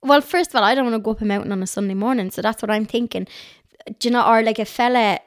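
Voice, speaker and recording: A woman's voice: a little high, rapid-fire, no room sound, studio quality. A woman with a North Dublin accent, chatting casually as a podcast guest at home and telling stories with frequent laughter. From Ireland. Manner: lively storyteller, laughs often. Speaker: guest, lifestyle blogger. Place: her home.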